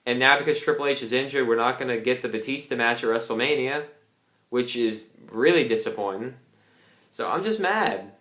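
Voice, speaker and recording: Speaking fairly quickly at a medium pitch, a young man delivers a casual, foul-mouthed, angry wrestling review in a steady, fairly bright tone. There's a roomy echo on the recording.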